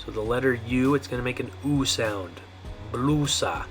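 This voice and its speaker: A man teaching a pronunciation lesson, saying each model word slowly and checking in often with the class. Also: mid-range voice, soft background music. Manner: slow, drawn-out model words with frequent "okay?" checks. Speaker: Spanish teacher.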